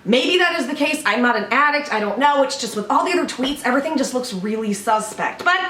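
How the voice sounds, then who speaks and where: A woman's voice: high voice, expressive, a little fast, a bit bright. A woman giving casual, blunt reaction commentary, swearing freely. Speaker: commentary vlogger reacting to a video. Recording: echoey room, distant mic, faint background noise.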